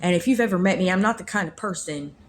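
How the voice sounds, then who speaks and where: A woman's voice: fairly low pitch, fast talker, slight background noise. A woman, earnestly telling a personal faith story in a rambling way, repeating her phrases. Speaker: vlogger sharing a faith testimony.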